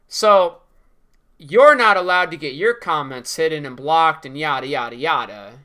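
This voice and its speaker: Young man, high voice, ranting commentary, sarcastic, profane. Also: animated, moderate pace, pushed and bright. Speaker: video creator.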